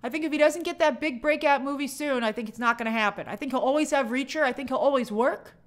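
A woman with a high-sitting voice talks fast as she hosts a live stream for her movie channel. She reads viewers' comments and questions aloud and answers them in a chatty, opinionated, casual way.

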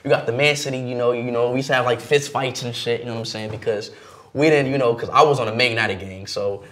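A young man joking through an interview, playful and exaggerated, swinging between loud outbursts and mumbled asides. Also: medium pitch, fairly even intonation, fast talker. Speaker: guest.

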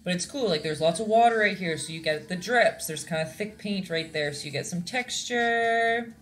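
Speaking at a moderate pace in a fairly low voice, a young Canadian woman teaches painting casually on a live stream. As the instructor she chats and giggles a lot, wandering off topic and filling gaps with fillers.

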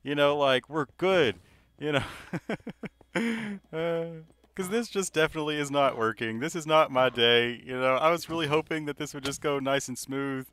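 A man giving casual commentary over his gameplay, rambling and self-mocking, filling pauses with "you know". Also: on the high side, a bit bright, clear, resonant tone. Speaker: gaming video creator.

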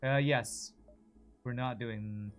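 A man's voice: mid-range voice, fairly even intonation, slow. A man casually commenting on his own gameplay on a live stream, thinking aloud and answering viewers. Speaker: game streamer.

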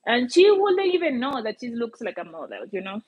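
A woman's voice: fairly high pitch, big pitch swings, a little fast, husky, highs cut off. A woman with a Colombian accent, a native Spanish speaker, chatting casually on a livestream and often searching for English words. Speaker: vlogger.

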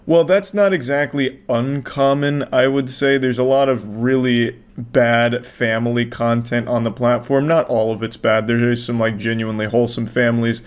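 A man hosting a commentary video, speaking in a deadpan, mocking way and swearing freely. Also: mid-range voice, normal speed, hardly any pauses, smooth. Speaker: commentary host.

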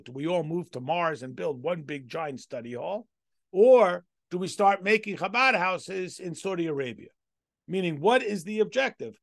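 A man's voice: a little high, vocal fry, a bit bright, no room sound, clean studio sound. A man teaching a Torah lesson as a rabbi, reading Hebrew text aloud and explaining it step by step with rhetorical questions. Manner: reads Hebrew text aloud then translates.

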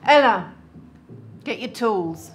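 A woman's voice: a little high, animated, takes it slowly. Woman doing a curt bossy hustler girl, swoopy voice, faint music behind. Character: blunt scheming young woman, bossy hustler. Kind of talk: comedy sketch acting.

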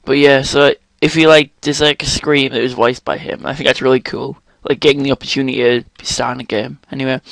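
A young man commentating a game he is playing, excitable, exclaiming and swearing often. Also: medium pitch, no room sound. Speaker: gaming channel host. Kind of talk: let's play commentary.

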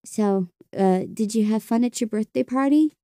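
A woman voicing a young girl who talks in an earnest, soft-spoken, apologetic way. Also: on the high side, normal speed, no echo, studio quality, natural voice.

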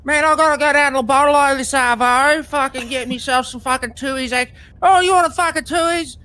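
A man voicing a crude, swearing bogan Australian man with a broad Australian accent, shouty and coarse. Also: extremely high pitch, brisk, pitched above the performer's own voice. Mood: rowdy.

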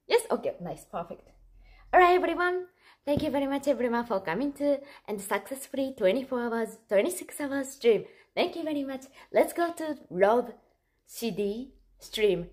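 A woman streamer chats casually with her viewers. She sounds giggly and excitable, and her voice sits noticeably high. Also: normal speed. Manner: giggly and excitable, laughs often. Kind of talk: casual livestream chat.

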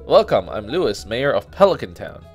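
A man's voice: medium pitch, very animated, moderate pace, soft background music. A man reading the lines of a welcoming older male mayor in a farming game.

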